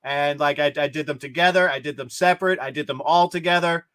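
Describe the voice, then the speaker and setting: A man's voice: on the high side, fairly even intonation, brisk, fairly bright tone, clean tone. A man hosting a sports betting podcast, trading upbeat, joking banter with his co-host.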